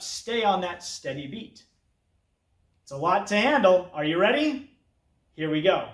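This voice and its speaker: A man's voice: sits high, very animated, unhurried, a bit bright. A man teaching an elementary music lesson, chanting names in rhythm over a metronome. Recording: roomy echo.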